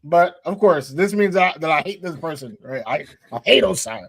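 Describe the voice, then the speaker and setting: Slangy podcast guy, slightly high voice, gets loud and excited. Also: moderate pace, creaky, husky. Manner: animated, slangy, laughs often. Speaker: co-host. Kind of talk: casual sports podcast chat. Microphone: streamed podcast mic.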